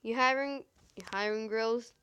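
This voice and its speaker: A woman's voice: fairly even intonation, normal speed, bright, forceful tone, clear, resonant tone. A woman reading as a lazy skeleton guy. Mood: easygoing. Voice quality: high squeaky voice trying to go deep. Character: lazy joking male skeleton.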